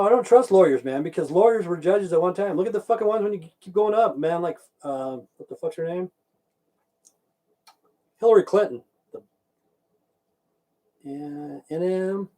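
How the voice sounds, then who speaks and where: A man's voice: on the high side, mellow, low-quality recording. A man ranting casually on his livestream, rambling and swearing a lot and chatting back to viewers. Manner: rambling, profane, keeps saying "okay"; chats back to viewers in the stream chat. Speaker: livestream host.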